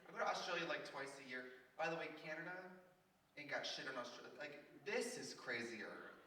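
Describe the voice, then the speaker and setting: Campy drag performer telling stories onstage. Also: male voice, a little high, expressive, a little fast, bright, forceful tone. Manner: chatty, campy storytelling with put-on quoted voices. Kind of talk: live stand-up banter. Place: festival theater stage before an audience. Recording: echoey, distant, noisy live room recording. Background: audience laughter.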